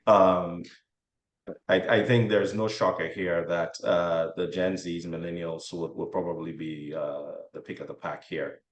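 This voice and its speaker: A man's voice: sits low, fairly even intonation, measured pace. A man moderating a panel discussion, speaking conversationally with a wry touch. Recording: roomy echo.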